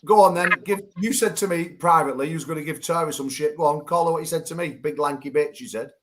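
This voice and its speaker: A man's voice: a little high, fast. A man hosting a casual online chat show over a video call, teasing and swearing with his guests. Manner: teasing, swearing, laughing loudly. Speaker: show host.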